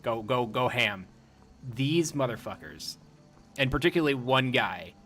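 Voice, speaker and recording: A man's voice: mid-range voice, bright, forceful tone. A man chatting loosely on a livestream while playing a game, rambling with lots of fillers and some swearing. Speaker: streamer. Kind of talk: casual livestream chat.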